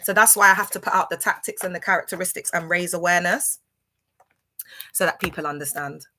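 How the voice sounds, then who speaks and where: A woman's voice: on the low side, fairly quick, pushed and bright, slight background noise. A woman, hosting a livestream and telling a rambling personal story full of fillers and restarts. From London. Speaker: livestream host. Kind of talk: casual storytelling monologue.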